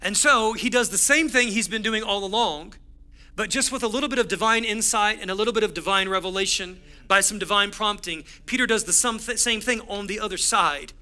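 A young man preaching a sermon in a high, sharply bright voice. He tells his story with lively, conversational energy, speaking straight to his congregation as their pastor. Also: a little fast, clean tone.

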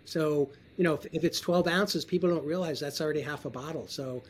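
A man talking casually as a wine trade guest in an interview, relaxed and often clearing his throat. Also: a little high, fairly quick, noisy background.

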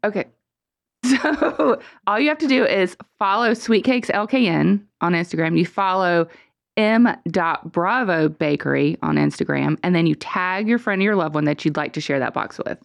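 A woman co-hosting morning radio, with a low voice and a gravelly edge. She chats easily and laughs often, and the studio sound is dry and close. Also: animated, normal speed, dry recording. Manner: chatty, laughs easily, lots of "like". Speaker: radio co-host. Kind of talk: casual morning radio banter.

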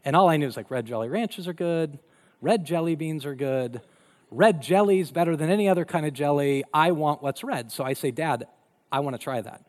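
A man's voice: on the high side, brisk. A middle-aged man who grew up in Colorado, a pastor preaching a sermon and telling family stories with acted-out voices. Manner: animated storytelling, acting out voices.

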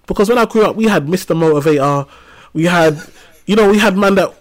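Animated man telling stories. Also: high-pitched, fairly quick. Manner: animated storytelling with casual slang. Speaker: guest. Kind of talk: casual conversational interview.

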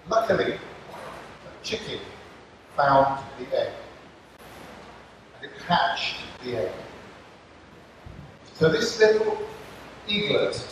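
An older man giving a measured speech to scouts at an outdoor campfire, telling a story with a moral. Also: mid-range voice, muffled recording, noisy background. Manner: slow, measured, deliberate. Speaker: speaker addressing scouts. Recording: distant mic, echoey with long reverb.

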